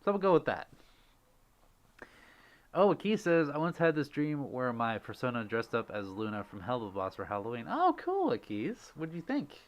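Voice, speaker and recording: A man hosting a casual livestream, reading out viewer messages and gushing with giggly, excitable thanks. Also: mid-range voice, normal speed, muffled recording. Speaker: livestream host.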